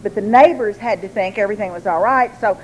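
A woman telling a personal story to a recovery group, lively and laughing, acting out the voices she quotes. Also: mid-range voice, quick pace, slight background noise, poor audio. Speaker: recovery meeting speaker.

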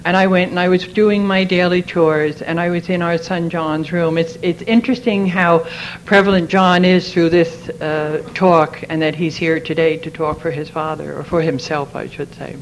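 A woman's voice: fairly low pitch, steady tone, moderate pace, a little hiss or hum, low-quality recording. A middle-aged woman giving a heartfelt personal testimony at a recovery meeting. She tells her story earnestly and repeats phrases as she goes.

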